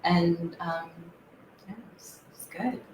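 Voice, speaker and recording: Low-voiced woman telling her story. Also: unhurried, slight background noise. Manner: animated storyteller, laughs often, many restarts. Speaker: guest sharing her retreat experience. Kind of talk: casual conversation. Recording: echoey room with faint ambience.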